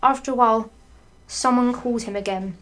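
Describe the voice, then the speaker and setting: A woman reading a badly written story aloud for comedy, breaking off for sarcastic, sweary asides, laughing and clearing her throat often. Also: a little high, a little fast, a bit bright. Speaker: fanfiction reader.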